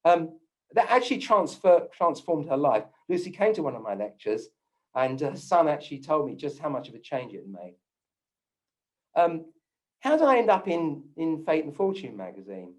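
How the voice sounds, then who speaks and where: Man, doctor giving a talk, storytelling, slightly high voice, lively pitch, ums and restarts. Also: moderate pace, poor audio. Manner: animated, with many ums and restarts.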